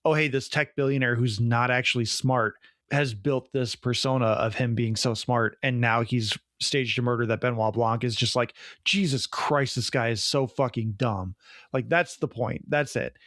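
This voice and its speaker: A man's voice: mid-range voice, fairly even intonation, normal speed, a bit bright, no echo, studio quality. A young adult man co-hosting a podcast, reviewing a film in casual, rambling chat full of "like". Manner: rambling, enthusiastic, many "like"s. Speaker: podcast co-host.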